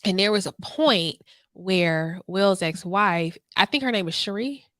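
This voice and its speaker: A woman's voice: medium pitch, a little slow, no echo, studio quality. A woman co-hosting a podcast, retelling stories in casual chat and acting out the quotes. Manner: animated storyteller, acts out quotes. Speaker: podcast co-host.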